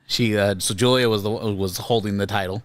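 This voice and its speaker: A man's voice: lowish voice, steady tone, brisk. A man hosting a casual podcast, rambling and laughing as he retells stories. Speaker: podcast host.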